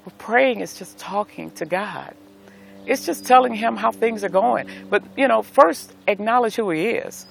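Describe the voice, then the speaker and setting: A man's voice: sits high, a little slow, gravelly, fairly bright tone, a little hiss or hum. A middle-aged man giving a devotional talk outdoors, speaking as a pastor with a preacherly cadence and repeated phrases. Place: outdoors in nature.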